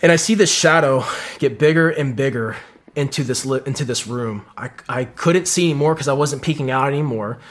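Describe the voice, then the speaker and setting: A man's voice: medium pitch, fairly quick. A man who is a guest on a podcast, telling his own combat story in a casual, vivid way with plenty of swearing. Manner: heavy swearing, vivid and animated retelling.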